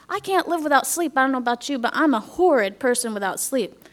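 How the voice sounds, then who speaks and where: Woman, middle-aged, slightly high voice; heartfelt church testimony, hushed at times, talks straight to the congregation. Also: fast. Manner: earnest, drops to a whisper, asks the audience questions. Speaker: speaker giving a church testimony.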